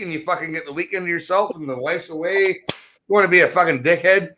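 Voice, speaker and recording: Profane male host, high, lively and bright, angry rant. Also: fast. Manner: ranting, profane, laughing. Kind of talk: casual chat.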